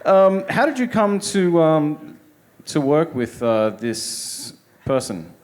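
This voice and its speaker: Guy hosting a live chat in a shoe store, kinda halting, jokey asides. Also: on the high side, sing-song, a little mellow. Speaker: host. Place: sneaker store live event.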